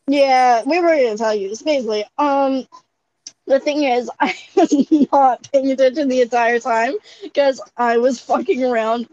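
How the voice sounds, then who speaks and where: A woman's voice: fairly high pitch, a little mellow. A young woman co-hosting a casual podcast, giggly and rambling with lots of "like" fillers. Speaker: podcast co-host. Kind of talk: casual chat. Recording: dull lo-fi sound with faint background noise.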